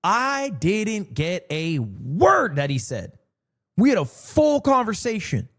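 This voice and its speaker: A man's voice: high voice, slow pace. A man streaming live, chatting casually and telling jokey stories with lots of swearing. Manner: animated, joking storyteller with frequent swearing.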